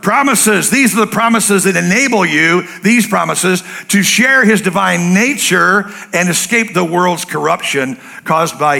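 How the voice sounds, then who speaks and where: A male preacher with a high, bright voice and a gravelly edge, delivering a sermon to a church. He is blunt and teasing, with an animated storytelling style. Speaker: pastor.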